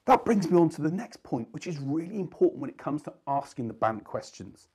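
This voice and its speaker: A male sales trainer explains his method in an earnest coaching manner, pressing on the important words. His pitch moves up and down a lot as he talks. The voice sounds mellow, with a slightly husky edge. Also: big pitch swings, fairly quick. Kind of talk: instructional talk to camera.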